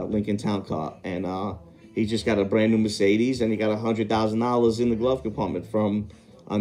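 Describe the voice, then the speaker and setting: A man with a low, mellow voice tells a story in a loose, casual way. He trails off and corrects himself as he works out what he remembers, and faint music plays under him. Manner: rambling, self-correcting, stops to recall details. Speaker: podcast host telling a story.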